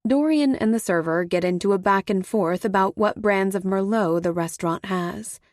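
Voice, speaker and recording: A woman narrating a first-person audiobook thriller in a measured, wry way. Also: medium pitch, a little mellow, dry recording, clean studio sound.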